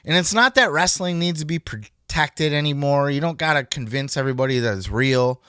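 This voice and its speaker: A man hosting a wrestling podcast, talking in a blunt, animated way and swearing a lot. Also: on the high side, fairly quick, clean tone, no room sound, clean studio sound. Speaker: podcast host. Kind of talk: casual profane commentary.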